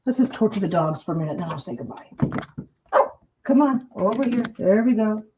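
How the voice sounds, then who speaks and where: A woman's voice: mid-range voice, lively intonation, brisk, dull audio, noisy background. A woman vlogging while she quilts at home. She chats casually with many restarts and coos at her dogs. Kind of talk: casual chat while crafting.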